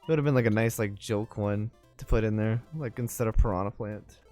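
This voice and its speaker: A man's voice: fairly low pitch, brisk, darkish tone, soft background music. A man co-hosting a casual gaming chat, joking and teasing, rambling with lots of fillers. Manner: joking, teasing, laughs often. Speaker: let's play co-host.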